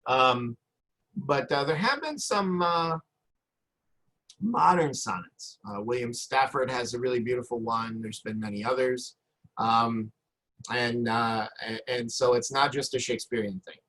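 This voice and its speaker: A male teacher talks through a recorded lecture from his computer. He rambles, hesitates, and restarts often, filling gaps with ums and uhs. His voice sits at a middle pitch. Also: measured pace, a bit bright, low-quality recording.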